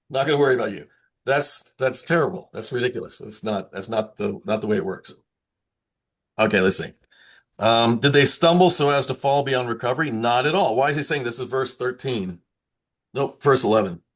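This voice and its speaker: A man's voice: medium pitch, fairly bright tone. A man, a priest, leading an informal Bible study in a conversational way, with many restarts and repeated words, and acting out quoted voices now and then.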